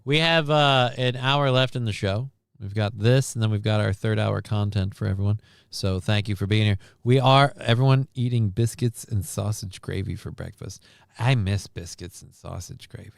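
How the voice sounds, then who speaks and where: A man hosting a live stream who wanders off into sarcastic, rambling asides about the news. His voice is smooth and clean, and he sits close to the mic in a completely dead, dry space with no room sound. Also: fairly low pitch, normal speed, dry recording. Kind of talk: casual news commentary.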